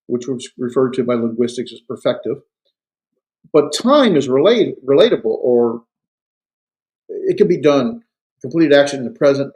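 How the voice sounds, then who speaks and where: A man in a classroom, talking through grammar in an easygoing lecture, his pitch sitting in the middle range. He keeps asking whether the class follows him, and now and then he slips in a dry, sarcastic aside. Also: a little mellow. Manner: conversational, checks understanding with "right?". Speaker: Greek grammar teacher.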